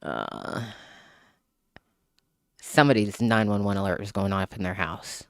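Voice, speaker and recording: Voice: deep voice, a little slow, creaky, no echo, studio quality. An author chatting casually to a livestream audience from a room at home, loose and profane, laughing often into a small microphone. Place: home room with window open. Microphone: small desktop microphone.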